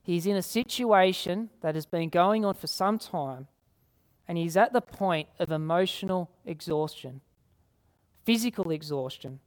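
A woman preaching a sermon, earnest, repeating key phrases and slowing down to read scripture. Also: lowish voice, expressive, a little mellow. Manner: slows down to read scripture aloud.

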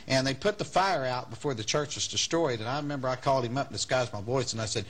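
A man's voice: mid-range voice, quick pace. A man telling a live anecdote to an audience in a folksy, rambling way, often chuckling. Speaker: storyteller on stage.

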